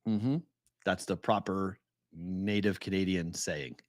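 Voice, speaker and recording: A man co-hosting a sports betting podcast in casual chat, animated and laughing as he retells games. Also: low voice, takes it slowly, no room sound, studio quality.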